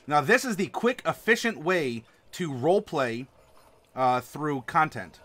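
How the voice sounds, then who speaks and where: A man with a somewhat high voice reads rules aloud and comments as he goes. He rambles, fills pauses with ums, and leans sarcastic. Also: very animated, fairly bright tone. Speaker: host reviewing a game rulebook. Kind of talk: casual read-along review.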